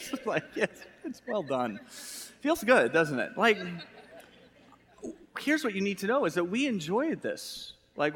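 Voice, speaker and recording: American man, pastor, sermon, fairly high voice, joking and conversational, long hall reverb. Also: fairly bright tone. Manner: humorous, conversational, engages congregation with questions.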